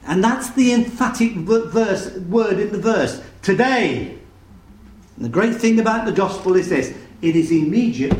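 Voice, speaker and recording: A man delivers a sermon with earnest emphasis, often turning to his listeners with pointed questions. His voice sits fairly high. The sound carries the echo of a large room. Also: darkish tone. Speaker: preacher.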